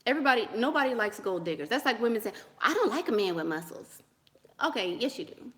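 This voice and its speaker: A woman's voice: a little high, very animated, quick pace, a bit bright. A woman vlogger answering viewer questions about dating in a sassy, blunt, dismissive way, laughing often and repeating lines for emphasis. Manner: blunt, sassy and dismissive, with frequent "honey" and "girl". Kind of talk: casual advice monologue.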